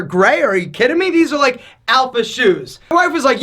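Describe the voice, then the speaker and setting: A man's voice: sits high, big pitch swings, fairly quick, hardly any pauses, bright, forceful tone. A man hosting a lifestyle vlog, talking to the camera with energy, often raising his voice and acting out his own past reactions. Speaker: lifestyle channel host.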